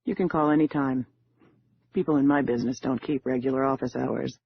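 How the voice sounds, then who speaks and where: A man's voice: medium pitch, fairly even intonation, a little fast, highs cut off, slight background noise, close to an everyday voice. A man voicing a cool, confident con woman. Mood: self-assured. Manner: smooth, self-assured. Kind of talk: audiobook character voice.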